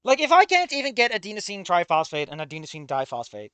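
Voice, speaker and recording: Lively, sharp-voiced game streamer ranting. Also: medium pitch, fast, hardly any pauses, clean tone, dry recording. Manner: swears a lot, rants and self-mocks; animated swings from mutter to loud outbursts. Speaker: streamer reading a visual novel. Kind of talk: casual live commentary.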